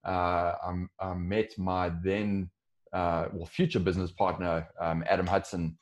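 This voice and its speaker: A man with a South African accent and a notably low voice, speaking as a guest on an interview podcast. He talks in a loose, conversational way, often restarting his sentences and leaning on fillers. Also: level tone, measured pace. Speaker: podcast guest, software co-founder. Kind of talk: casual interview.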